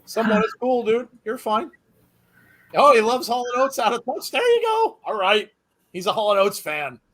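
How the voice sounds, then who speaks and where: A man's voice: very high voice, big pitch swings, normal speed, fairly bright tone. A man hosting a live wrestling watch-along in casual commentary, chatty and jokey, reading viewer comments aloud.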